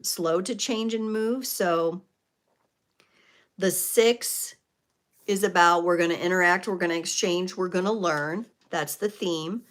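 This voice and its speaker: A woman's voice: lowish voice, takes it slowly, fairly bright tone. A woman in her forties or fifties hosting a live tarot reading, speaking in a reflective, spiritual way with frequent fillers and restarts. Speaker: tarot reader and livestream host.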